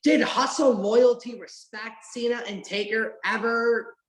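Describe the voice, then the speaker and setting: Excited, rambling woman in a roomy room. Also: a little high, measured pace, crowd noise. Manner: excited, rambling storytelling with swearing. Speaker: guest. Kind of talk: casual podcast chat. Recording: roomy echo.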